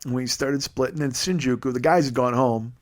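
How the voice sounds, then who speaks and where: Profane, animated man telling a story. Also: mid-range voice, a little fast. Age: 40s. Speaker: comedian podcast host.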